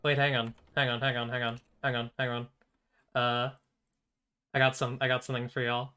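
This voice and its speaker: A man's voice: mid-range voice, level tone, moderate pace, sharp tone, smooth. A young man streaming a video game, chatting casually, joking, laughing often and swearing. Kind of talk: live gaming commentary.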